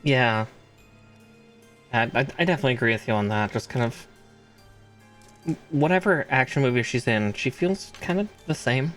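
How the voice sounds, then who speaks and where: A man chatting casually as a co-host on a stream, agreeable and quick to laugh. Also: medium pitch, animated, a bit bright, soft background music. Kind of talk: casual chat.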